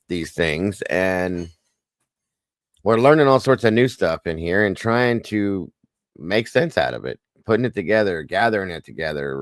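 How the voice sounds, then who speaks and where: Low-voiced man chatting on a livestream. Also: no echo, studio quality. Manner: chatty, greets viewers by name. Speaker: livestream host. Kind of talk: casual livestream chat.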